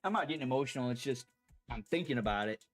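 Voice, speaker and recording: A man telling a personal story in a halting, rambling way, pausing as the emotions come back. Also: mid-range voice, lively intonation, soft background music. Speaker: vlogger.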